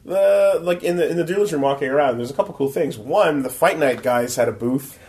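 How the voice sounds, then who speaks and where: A man chatting casually on a podcast, telling convention stories with plenty of "like" and "um." He jumps into other people's voices when he quotes them, pitching his voice up for their lines. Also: a little fast. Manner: animated storyteller, acts out quotes in a high voice. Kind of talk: casual chat.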